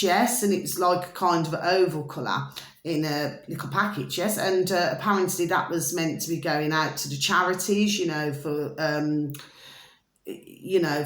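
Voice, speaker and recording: A woman vlogger in a rambling, casual monologue, meandering with fillers and restarts and fondly calling her viewers her little babies. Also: mid-range voice. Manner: keeps calling viewers "my delicious little babies", asks "do you see?". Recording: echoey room.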